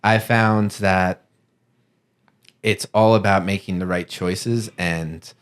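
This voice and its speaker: A young man from Long Island, a guest musician in a podcast studio, telling rambling stories with frequent laughs. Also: low-pitched. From Long Island, New York. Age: young adult. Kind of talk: casual chat.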